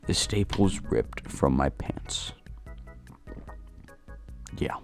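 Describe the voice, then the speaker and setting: A man's voice: sits low, extremely slow, creaky, faint music behind. A man recording a storytime voice-over for his gaming channel, rambling and poking fun at himself. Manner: rambling, self-deprecating storytelling. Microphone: voice-over recorded late at night.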